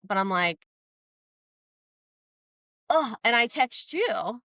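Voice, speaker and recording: A woman co-hosting a podcast, telling a personal story in casual chat, animated and full of "like" fillers. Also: a little high, very slow, dry recording. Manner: animated, quotes herself in lively voices; frequent fillers "like". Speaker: podcast co-host.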